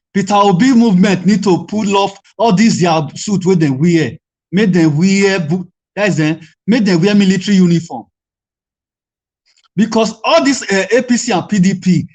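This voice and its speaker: Forceful high-voiced Nigerian man. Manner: emphatic, insistent, repetitive. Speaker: panelist. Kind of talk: heated online discussion.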